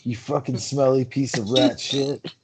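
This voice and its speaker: A man playing a crude, boastful movie-star figure who flatly insults children in a comedy script reading. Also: medium pitch, measured pace, a little hiss or hum, close to an everyday voice. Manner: blunt, rude, deadpan.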